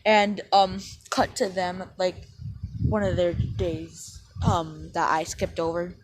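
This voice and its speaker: A woman's voice: lowish voice, flat delivery, takes it slowly, poor audio. A woman casually retelling a fan story, rambling and self-deprecating, with lots of ums and likes. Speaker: channel host. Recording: background hiss.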